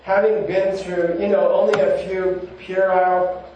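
A man's voice: high-pitched, flat delivery, unhurried, mellow, lo-fi sound, slight background noise. A man, a monk, giving a casual spiritual talk full of personal stories, rambling and conversational with many "you know"s. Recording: very echoey room, mic far off.

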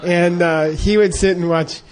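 A man's voice: high-pitched, fairly even intonation, a little slow, a little mellow. A man telling a casual, rambling story with lots of fillers and frequent laughs. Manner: rambling, many fillers and restarts, laughs often.

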